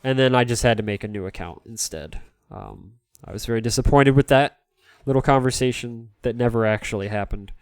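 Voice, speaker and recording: A man's voice: fairly low pitch, clean tone, no echo. Man rambling jokily on a dry stream. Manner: rambling and jokey, answers chat. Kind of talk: casual live-stream chat.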